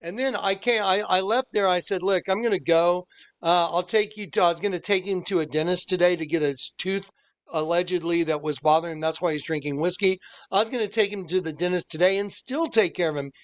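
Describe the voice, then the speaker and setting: An online preacher and channel host tells his viewers a personal story in a high-sitting, slightly fast voice with a clean tone. He's earnest and insistent, an animated storyteller who acts out the people he quotes.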